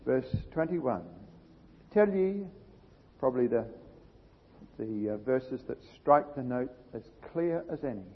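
A man's voice: medium pitch, expressive, slow pace, pauses often, slight background noise. A man preaching an expository Bible sermon, reading scripture aloud and then commenting on it with rising emphasis. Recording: dull lo-fi recording in a reverberant hall.

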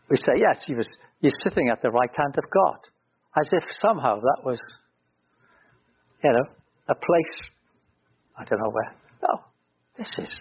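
A male preacher works through scripture verse by verse, leaning hard on the words he wants heard. His voice is slightly husky. It comes over a thin, phone-like radio broadcast. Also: a little high. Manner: earnest, rising emphasis on key words. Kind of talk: expository Bible teaching.

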